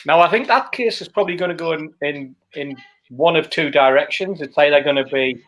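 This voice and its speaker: A man giving measured, hedging analysis on a casual football podcast. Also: on the high side, a bit bright. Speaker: podcast co-host.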